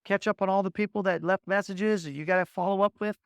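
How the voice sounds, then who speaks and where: Man, high voice, motivational sales trainer, energetic storyteller, dry close sound. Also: fast talker, creaky, smooth, dry recording. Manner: energetic storyteller, drills points with repeated "guess what" and "okay?"; blunt, punchy coaching delivery. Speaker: agency leader training new agents.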